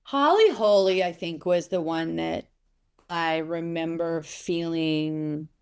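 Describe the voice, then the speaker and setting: A woman in her forties speaks in an interview, with a somewhat low voice. She rambles through stories, restarts her sentences and grows animated as she goes. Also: slow pace, clear, resonant tone. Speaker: actress being interviewed. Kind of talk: casual interview talk.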